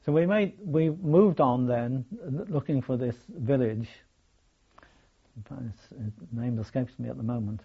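An older man, recalling his wartime experiences in a hesitant, halting way full of restarts. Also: mid-range voice, vocal fry, slightly rough. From England. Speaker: war veteran telling his story. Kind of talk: oral history recollection. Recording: dull lo-fi recording.

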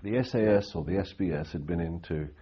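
Older male interviewee, anecdotal storyteller; deep, husky voice on a slightly dull recording. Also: quick pace. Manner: anecdotal, rambling with restarts and fillers. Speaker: interviewee recalling war reporting.

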